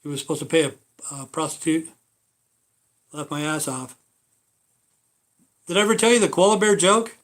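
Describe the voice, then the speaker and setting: A man's voice: fairly high pitch, animated, normal speed, pauses often, fairly bright tone. Rambling, swearing man on a livestream. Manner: rambling and profane, many fillers. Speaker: livestream host. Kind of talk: casual livestream chat.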